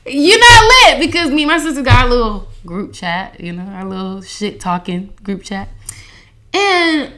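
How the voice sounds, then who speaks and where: Bright-voiced young woman chatting casually. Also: fairly high pitch, moderate pace. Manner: animated, laughing, slangy storytelling. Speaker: podcast host. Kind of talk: casual chat.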